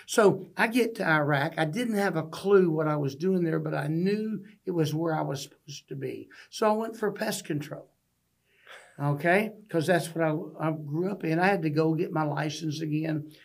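Gravelly and a little high, this Texan's voice moves at a moderate pace. He's a guest in a podcast studio for a storytelling interview, spinning earnest, folksy tales with restarts along the way.

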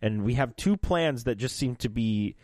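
A man's voice: medium pitch, animated, moderate pace, a little mellow, no room sound, studio quality. A man co-hosting a podcast, chatting casually and animatedly, often laughing as he recaps a story. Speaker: podcast co-host. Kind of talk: casual chat recapping an audio drama.

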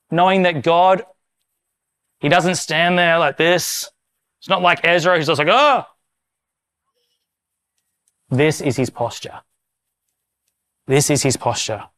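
Smooth-voiced male pastor preaching. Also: fairly high pitch, a bit bright. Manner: casual, self-deprecating preaching; slow, solemn liturgical reading. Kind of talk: sermon with led prayer.

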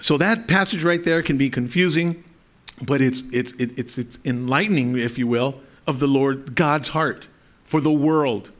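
In an unhurried, mid-range voice, a male pastor delivers a sermon. He reads passages of scripture, explains them, frequently starts his sentences over, and calls on the congregation for amens.

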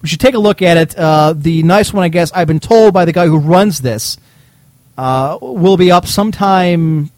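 A man hosting a talk show, telling a long story in a casual, rambling, animated way and laughing as he goes. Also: fairly high pitch, normal speed, no echo. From Cleveland, Ohio. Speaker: show host.

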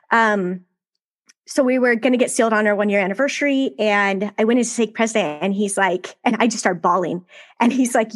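A woman in her thirties tells her story as a podcast guest. Her voice sits a little high, and she talks in quick, emotional bursts with laughter. She sounds like she is speaking from home over a call mic. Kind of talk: candid storytelling.

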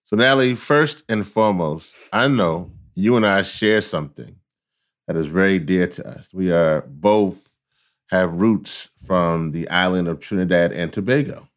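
A man's voice: low voice, unhurried. A man hosting a casual interview podcast, playful and teasing with his guest. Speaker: podcast host.

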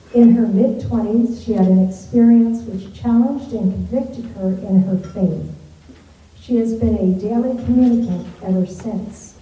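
A woman's voice: fairly high pitch, dark tone, recorded from a distance, muffled recording. Woman reading a formal introduction in an echoey room. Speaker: introducer of the speaker. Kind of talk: read introduction. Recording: echoey room, away from the mic.

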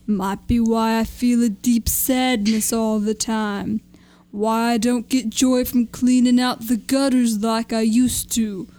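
A woman's voice: fairly high pitch, flat delivery, takes it slowly, dark tone. A woman voicing an old man caretaker who turns out to be a ghost, in a rural folksy drawl.

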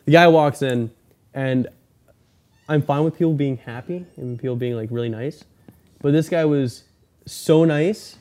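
A man's voice: fairly high pitch, measured pace, pauses often, a little mellow. A young man hosting a casual podcast, telling a story in a rambling way and acting out the people in it. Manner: rambling storyteller, acts out quoted people in a raised voice. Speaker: podcast host. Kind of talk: casual chat.

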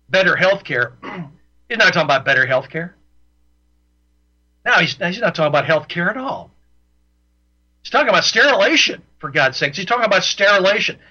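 A man's voice: on the high side, pushed and bright, dull audio. A man hosting a talk radio show, ranting in an opinionated monologue and repeating his points for emphasis.

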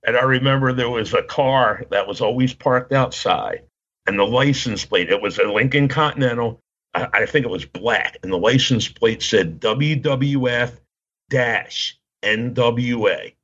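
A man's voice: medium pitch, measured pace, fairly bright tone. Rambling man telling wrestling stories. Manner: rambling, laughing, acts out quotes. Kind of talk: casual storytelling chat. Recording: dull lo-fi sound.

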